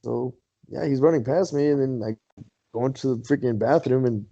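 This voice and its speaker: A man's voice: mid-range voice, moderate pace, creaky, warm tone. A man on a podcast, casually telling a story, swearing a lot and laughing as he goes. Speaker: podcast co-host. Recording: dull lo-fi sound.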